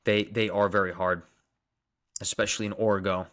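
On a casual livestream, this young Long Island dentist, accent and all, calls out viewers by name and responds to their comments, frequently repeating himself. He talks at normal speed in a lowish, flat, slightly bright voice.

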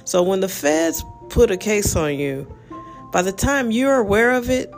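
A man's voice: high-pitched, expressive, unhurried, soft background music. A man hosting a casual solo podcast, talking in a rambling, frank way full of fillers. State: yawning, relaxed. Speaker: podcast host.

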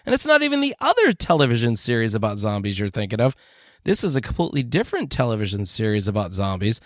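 A man co-hosting a podcast, giving a chatty, animated recommendation. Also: mid-range voice, fast talker, no room sound, studio quality. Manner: lively, chatty storytelling. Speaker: podcast co-host. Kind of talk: casual chat.

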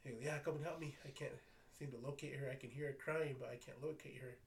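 A man who works night security, telling a story in a casual, animated way, often repeating "I said". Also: medium pitch, fast talker, gravelly. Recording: distant mic with faint background noise.

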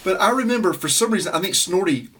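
A man tells rambling family stories in relaxed conversation. He talks in an animated way, stopping and restarting his sentences, and his voice sits a little high for a man. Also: fast talker, slightly rough. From Arkansas. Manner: animated, full of restarts and impressions. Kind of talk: casual chat, storytelling.

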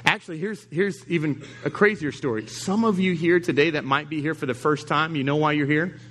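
A man's voice: on the high side, fairly quick, fairly bright tone. A man preaching a sermon as pastor, emphatic, repeating key lines and acting out the people he quotes. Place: church service.

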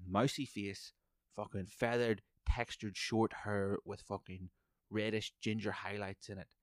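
A man's voice: on the low side, level tone, a little slow, no room sound, studio quality. A man, hosting a podcast and telling a heated, profanity-heavy story. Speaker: podcast host. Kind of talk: profane ranting monologue.

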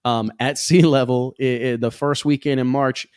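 Male host, emphatic and excitable, mid-range voice, dry close mic. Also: medium pitch, normal speed, clear, resonant tone, dry recording. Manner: emphatic, rhetorical questions. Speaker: talk show host. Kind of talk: casual podcast chat.

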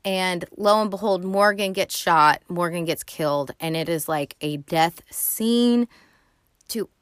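Brief: female host, casual film recap, lively and profane, dead-dry recording. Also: fairly low pitch, measured pace, clear, resonant tone, no room sound. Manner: animated, profane and slangy. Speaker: movie podcast host.

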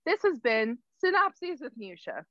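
A young woman recaps a story in a casual, playful way, with a high voice. The recording is dull and lo-fi. It sounds dry and close. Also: sing-song, pushed and bright, dry recording. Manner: playful, acts out characters in quick asides and laughs. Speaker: co-host giving a plot synopsis. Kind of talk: casual chat.

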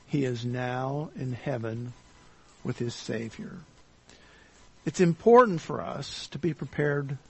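A pastor giving a sermon, speaking deliberately with frequent pauses, fillers and restated phrases. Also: male voice, medium pitch, gravelly, a little mellow, slightly rough. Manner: halting, deliberate delivery with many uh fillers and restatements.

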